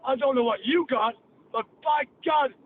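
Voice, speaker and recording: Brash Cockney podcast host. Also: male voice, very high-pitched, moderate pace. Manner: brash, profane storyteller. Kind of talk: rambling podcast monologue. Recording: tinny phone-like line, faint hiss.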